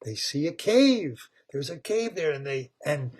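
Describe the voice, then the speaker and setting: A man retelling a story with excitement, repeating words, laughing and tripping over tongue twisters. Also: a little high, unhurried, slightly rough.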